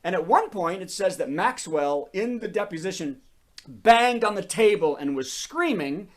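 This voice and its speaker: A man's voice: high voice, expressive, a little slow. A man hosting a comedy show over a video call, telling topical jokes and laughing at his own bits.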